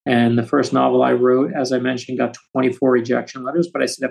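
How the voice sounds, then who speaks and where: A man in his fifties from the United States, an author telling stories with quick asides as a podcast guest. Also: mid-range voice, flat delivery, vocal fry, a little mellow, poor audio. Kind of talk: storytelling interview.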